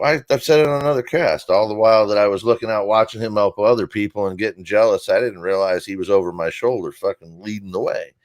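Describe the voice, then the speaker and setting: A man with a lowish voice spins a long, rambling joke story, cursing freely and piling on asides. The sound is dry and close, with little room around it. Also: no room sound. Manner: rambling, profane, animated storyteller. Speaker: guest comedian. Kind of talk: casual comedic storytelling.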